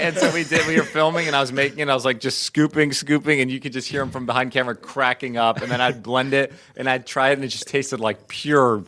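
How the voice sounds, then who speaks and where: A man's voice: medium pitch, steady tone, a little fast, hardly any pauses, sharp tone. A man chatting as an actor guest in an interview, laughing often and talking in loose, restarting sentences. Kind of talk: casual interview chat.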